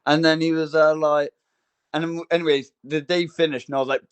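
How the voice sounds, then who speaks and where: A man's voice: a little high, little pitch movement, a little fast, clear, resonant tone. A young man, co-hosting a casual chat and telling a long rambling story full of fillers and restarts. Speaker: podcast co-host.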